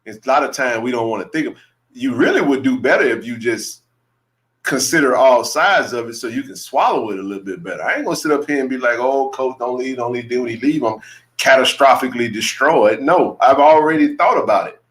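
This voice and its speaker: A man's voice: mid-range voice, animated, a little fast, fairly bright tone. A man hosting a casual live sports chat. He talks animatedly, repeats himself and laughs often. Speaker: podcast host.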